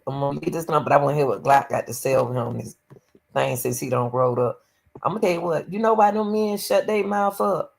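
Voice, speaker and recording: Deep and full of vocal fry, this woman's voice carries her own commentary channel. She talks casually and straight to her audience, sharing blunt opinions.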